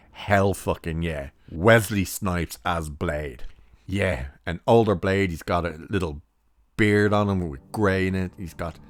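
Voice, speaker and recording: A man giving a casual, rambling spoken film review, blunt and full of restarts and asides. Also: low-pitched.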